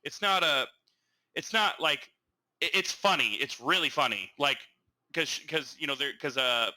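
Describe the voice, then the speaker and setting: Bright-voiced stammering man rambling. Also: on the high side, a little slow, poor audio. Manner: rambling, stammering, animated retelling. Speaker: podcast co-host. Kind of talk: casual chat.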